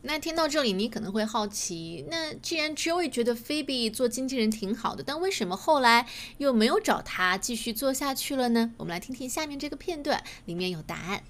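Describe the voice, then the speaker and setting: A woman teaching English through sitcom clips, explaining clearly and reading English examples slowly. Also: on the high side, expressive, fairly bright tone.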